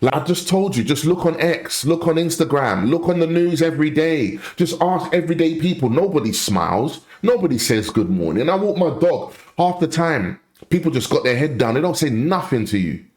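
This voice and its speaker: A man's voice: a little high, animated, moderate pace, darkish tone. Blunt impassioned man ranting. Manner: blunt, impassioned, repeats points for emphasis. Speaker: commentary host. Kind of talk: opinion rant reacting to a clip.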